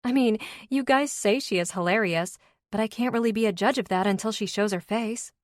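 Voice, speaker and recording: A woman's voice: mid-range voice, fairly quick, no room sound, voice pushed up, lightly acted. Woman reading outspoken curious young woman, frank, dry audiobook mic.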